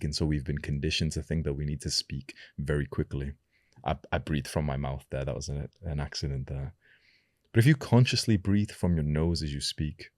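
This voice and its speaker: A young man giving a self-improvement lesson to camera, speaking slowly and deliberately and letting his pitch fall at the ends of sentences. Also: dry recording, clean studio sound. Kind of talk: instructional talk to camera.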